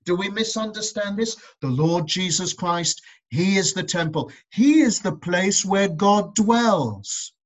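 A man with a notably high voice delivers a sermon. He asks one rhetorical question after another and hits his key words hard and loud. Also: expressive, slow pace, few pauses. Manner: emphatic, rhetorical questions, rising to loud stresses. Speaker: preacher.

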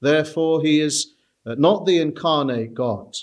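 A man preaching an expository sermon in a measured, earnest way, pausing often with "uh". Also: a little high. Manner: measured, earnest, with frequent "uh" pauses.

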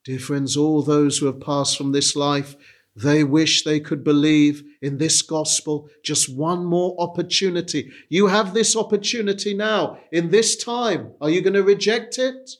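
A man's voice: a little high, steady tone, measured pace. A man preaching a sermon, earnest and pleading, repeating key phrases for emphasis. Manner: earnest, repetitive pleading delivery.

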